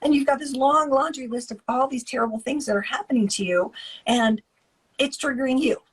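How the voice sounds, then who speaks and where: Husky, fairly high-pitched woman; guest expert, animated, slips into other people's voices. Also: brisk, rough recording. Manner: animated, acts out quoted voices. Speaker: guest expert on narcissistic abuse, author. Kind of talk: podcast interview.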